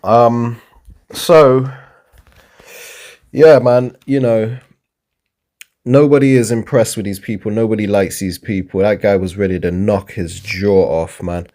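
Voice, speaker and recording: A man's voice: on the low side, steady tone, unhurried, pauses often, darkish tone. A man hosting a stream, commenting loosely with preachy asides between clips. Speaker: host.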